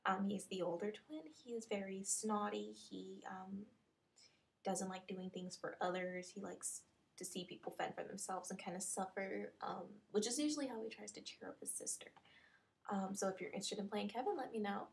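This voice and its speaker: A woman's voice: mid-range voice, fairly even intonation, normal speed, creaky. A young woman casually describing characters for a fan series audition call, chatty and full of ums. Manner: chatty, many ums, describes characters one after another.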